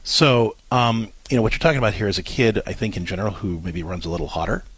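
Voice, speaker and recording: A man's voice: lowish voice, fast talker, a bit bright, slightly rough, no echo. A man co-hosting a parenting show, explaining in an earnest, fumbling way with many restarts. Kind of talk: advice talk.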